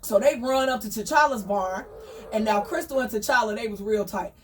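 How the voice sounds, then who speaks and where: A woman tells a barnyard tale like juicy gossip, chatty and slangy with animated asides. Her voice sits fairly high. She is recorded a little way back from the mic. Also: normal speed, distant mic. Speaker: storyteller. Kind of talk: casual gossipy storytelling.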